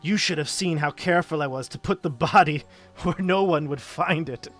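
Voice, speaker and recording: A man's voice: on the high side, normal speed, faint music behind, lightly acted. A man voicing a mad young male count who raves about worms and a beating heart. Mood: raving. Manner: raving, shouting, manic.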